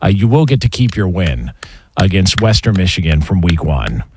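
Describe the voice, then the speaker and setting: A man's voice: sits low, very animated, normal speed, darkish tone, slight background noise. A man hosting a sports radio show, teasing his co-host in loose, joking banter full of fillers.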